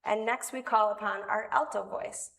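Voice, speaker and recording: Speaking at a normal pace with vocal fry, this woman has a mid-range, fairly bright voice. She's leading children's time during a worship service, talking to the kids in a friendly, chatty, playful manner with little laughs. The sound comes from far off in an echoey room with faint noise.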